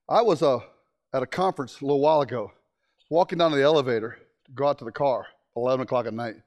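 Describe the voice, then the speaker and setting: A man preaching a sermon, telling stories in an animated way with frequent restarts. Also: a little high.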